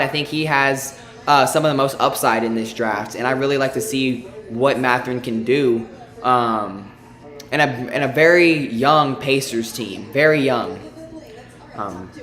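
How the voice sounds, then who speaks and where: A man's voice: mid-range voice, sharp tone. A man hosting a casual live sports stream, talking through draft picks in a hesitant way, with lots of fillers and restarts. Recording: echoey room, far from the mic.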